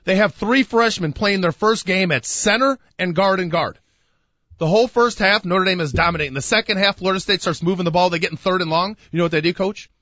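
Man, sports talk co-host, high voice, emphatic, stammering, dry lo-fi sound. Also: brisk, a bit bright, no room sound. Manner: emphatic, opinionated, stammering restarts.

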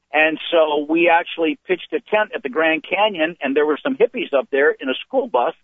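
An older male comedian telling rambling, animated anecdotes as a guest, heard over a phone call. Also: on the high side, no room sound. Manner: rambling, animated storytelling with restarts. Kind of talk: anecdotal storytelling. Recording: tinny phone line.

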